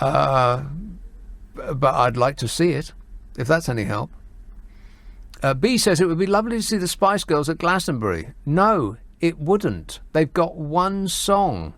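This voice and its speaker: Guy hosting a radio phone-in, dry and sarcastic, bit of a higher voice, dead dry studio sound. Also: very animated, creaky, no room sound. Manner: sardonic, quick, reads out listener messages.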